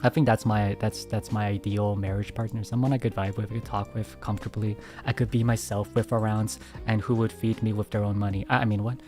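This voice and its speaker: A man streamer answering viewer questions in a soft, hesitant casual chat, speaking very close to his mic at home. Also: on the low side, flat delivery, fairly quick, hardly any pauses, soft background music. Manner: soft-spoken, hesitant, many restarts.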